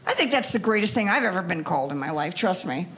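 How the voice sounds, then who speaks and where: A woman's voice: lowish voice, big pitch swings, fast talker, a crowd in the background. An older woman performing a stand-up comedy set, chatting with the audience and teasing them. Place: comedy club stage before a live audience.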